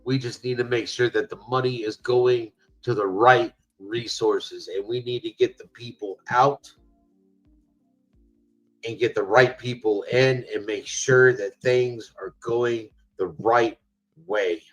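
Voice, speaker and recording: Slow, earnest man urging action. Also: medium pitch, fairly even intonation, faint music behind, poor audio. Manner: earnest, repetitive, emphatic. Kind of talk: livestream speech.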